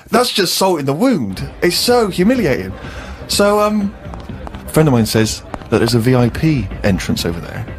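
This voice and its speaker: A man co-hosting a podcast, telling self-deprecating stories in a casual, animated way. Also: on the high side. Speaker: podcast co-host. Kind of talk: casual storytelling chat.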